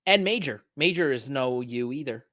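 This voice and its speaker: A man's voice: medium pitch, animated, normal speed, a bit bright, no room sound. Dry-humored Canadian man. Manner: dry, self-deprecating humor. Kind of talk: casual chat.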